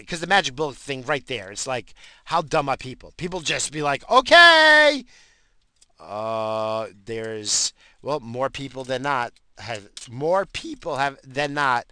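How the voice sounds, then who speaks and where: A man's voice: medium pitch, sharp tone, no room sound. A man, calling himself a stoner, ranting about conspiracies in heated, profane talk that keeps repeating itself. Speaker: self-described stoner.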